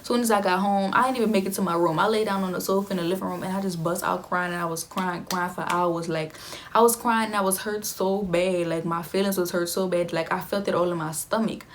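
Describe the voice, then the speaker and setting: A woman's voice: lowish voice, steady tone, a little fast, a little hiss or hum. Chatty young woman telling her story. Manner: chatty, emphatic, repeats phrases for effect. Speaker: vlogger telling a personal story. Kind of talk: casual storytime.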